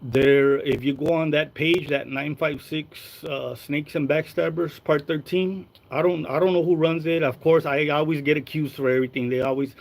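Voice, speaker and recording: A man's voice: a little high, fairly even intonation, moderate pace, gravelly, few pauses, rough recording. Crude rambling man. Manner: crude, rambling, code-switches into Spanish slang. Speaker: live-stream host. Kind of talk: casual gossip livestream.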